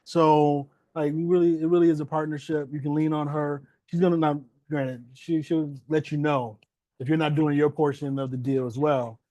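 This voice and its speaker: A meeting host speaking informally and warmly of a colleague, with a relaxed, teasing manner. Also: mid-range voice, moderate pace, no room sound, highs cut off. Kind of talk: casual meeting chat.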